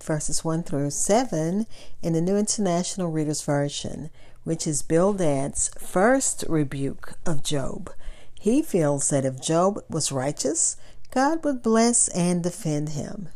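A woman's voice: on the low side, warm tone. A woman hosting a daily podcast, teaching on a Bible passage in a conversational way with fillers and asides. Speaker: podcast host.

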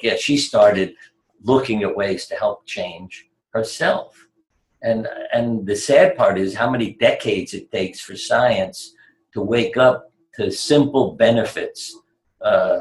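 A man's voice: on the low side, roomy sound, low-quality recording. An older man, a retired surgeon, telling stories in an interview in a chatty, wry way, chuckling at his own anecdotes.

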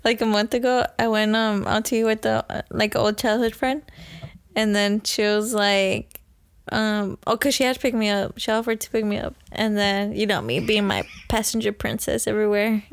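A woman's voice: mid-range voice, fairly even intonation, moderate pace, gravelly. A young woman co-hosting a podcast, chatting casually and telling stories, slipping into Spanish now and then. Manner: chatty, storytelling, drops into Spanish. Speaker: podcast co-host. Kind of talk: casual chat.

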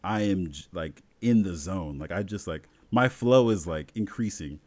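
A young man talking casually and excitedly about a video game, full of fillers and restarts. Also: sits low, moderate pace. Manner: excited, filler-heavy, rambling storytelling. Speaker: gamer friend in a podcast chat. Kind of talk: casual chat.

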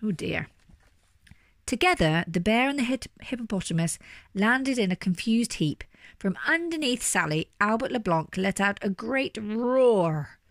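A woman reading a children's story aloud with lively, animated delivery. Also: medium pitch, measured pace, dry recording, clean studio sound. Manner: animated, doing character voices. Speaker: storybook reader.

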